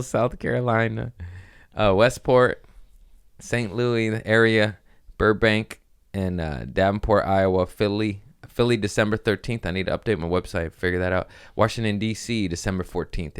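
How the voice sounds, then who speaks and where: A man's voice: on the low side, moderate pace, clean tone, no room sound, clean studio sound. A male comedian hosting his podcast, rambling and cursing, often breaking into laughter. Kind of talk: casual solo podcast monologue.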